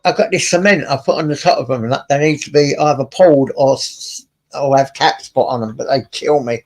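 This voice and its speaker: A live-stream host in casual chat, relaxed and agreeable, mostly listening and chiming in. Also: mid-range voice, brisk.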